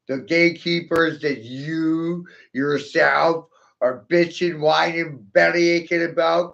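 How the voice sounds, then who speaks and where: A man's voice: a little high, steady tone, slow, gravelly, a bit bright, lo-fi sound. A man ranting to his viewers in a profane, sarcastic monologue, taunting them with rhetorical questions. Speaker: vlogger.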